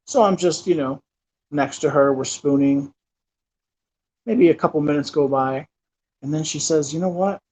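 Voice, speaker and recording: A man's voice: a little high, measured pace, long pauses, darkish tone. A man in his thirties telling a personal story in a casual, rambling way, with lots of fillers and restarts. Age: 30s. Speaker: channel host. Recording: dull lo-fi recording.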